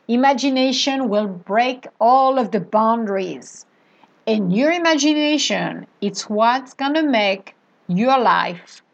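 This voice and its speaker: A woman's voice: fairly high pitch, highs cut off. Emphatic woman giving a motivational talk. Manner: emphatic, repeats affirmations. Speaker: motivational speaker.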